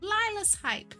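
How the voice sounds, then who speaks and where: A woman hosting a livestream, chatting casually and warmly with her viewers, emotional and laughing often. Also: very high voice. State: emotional, near tears. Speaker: livestream host.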